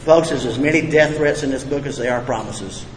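Speaking briskly at medium pitch, a man delivers a recovery talk that's blunt, folksy and laced with profane jokes. The echoey hall gives reverb and faint ambience, with slight background noise.

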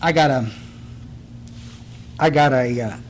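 A man's voice: mid-range voice, slow pace, slight background noise, rough recording. Earnest man telling his story. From Texas Hill Country. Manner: earnest, blunt, emphatic, restarts and repeats words. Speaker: recovery meeting speaker. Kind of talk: personal testimony talk.

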